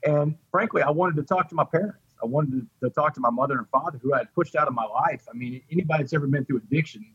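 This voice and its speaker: A man's voice: medium pitch, a bit bright, husky, no echo, lo-fi sound. A middle-aged man telling his recovery story in an interview, heartfelt and repeating words as he goes. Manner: heartfelt, repeats words, addresses the host by name.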